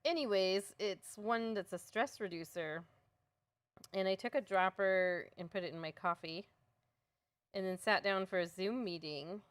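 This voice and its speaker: A woman's voice: mid-range voice, unhurried, clean tone, dry recording. Female co-host, chatty, laughs easily, dry close-miked sound. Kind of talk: casual chat during a painting tutorial.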